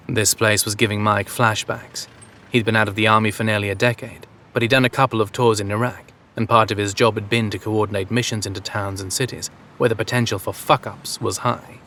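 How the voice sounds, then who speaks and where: A man reading a story aloud in a steady, measured narration. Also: fairly low pitch. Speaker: audiobook narrator. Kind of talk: scripted narration.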